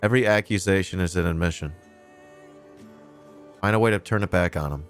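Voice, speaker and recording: A deep-voiced man hosts a livestream, briskly reacting to news clips with sarcastic rants and plenty of swearing. Soft music plays in the background of this casual commentary.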